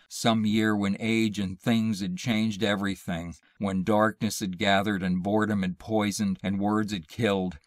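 A man slowly reading a horror short story aloud in a measured, hushed way. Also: lowish voice, no room sound. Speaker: narrator. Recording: dry close mic, audio only.

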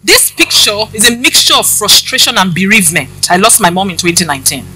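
A woman's voice: mid-range voice, very animated, fairly quick, bright, forceful tone, faint music behind, low-quality recording. A woman preaching, giving a personal testimony and addressing the congregation directly with questions.

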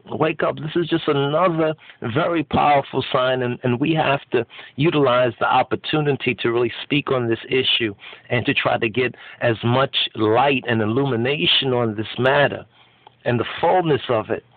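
A man's voice: medium pitch, moderate pace, dry recording. Preachy man on a tinny line. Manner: emphatic, preachy, repeats and restarts phrases. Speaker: commentator. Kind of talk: impassioned spoken commentary on an article. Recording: tinny phone-like dry sound.

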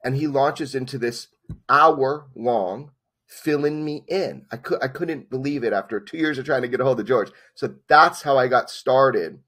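A man in his forties, a documentary filmmaker and interview guest, telling a personal story in a lively way, acting out the dialogue and filling gaps with "like". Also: mid-range voice, moderate pace. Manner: lively, acts out quoted dialogue, many "like" fillers.

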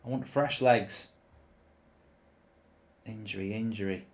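A man's voice: lowish voice, fairly even intonation, slow pace. A man hosting his own channel, giving live commentary over a football management game, full of ranting, swearing and exasperated outbursts. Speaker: gaming YouTuber host.

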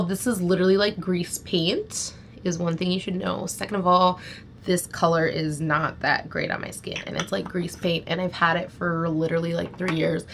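A woman's voice: mid-range voice, fairly bright tone, a little hiss or hum. A young woman in a casual beauty vlog, chatting bluntly about makeup she is throwing out and filling her talk with "like". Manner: blunt, chatty, rambling with many "like"s. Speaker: beauty vlogger. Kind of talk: casual product review chat.

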